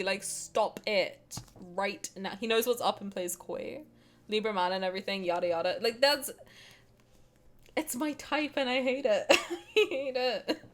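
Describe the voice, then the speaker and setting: A young woman streaming, reading a game aloud and reacting with excited, swearing banter. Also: a little high.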